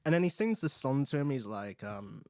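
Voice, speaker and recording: A man's voice: medium pitch, brisk, dry recording, studio quality. Chatty man reviewing a film. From England. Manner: chatty, animated, acts out characters' lines. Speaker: host.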